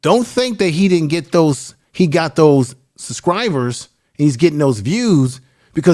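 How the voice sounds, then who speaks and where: A man's voice: on the high side, animated, measured pace, a little mellow. A man who is a little tired, a guest on a live stream, giving earnest advice about building a channel. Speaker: guest YouTuber. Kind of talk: casual live stream chat.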